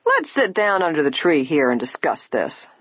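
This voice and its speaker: Woman reader as a plain gray-haired farmer; husky, dry, lo-fi. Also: deep voice, very animated, normal speed, fairly bright tone, no room sound, heavily acted. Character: tall, gray-haired man, a modest fruit farmer. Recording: dull, lo-fi, dry.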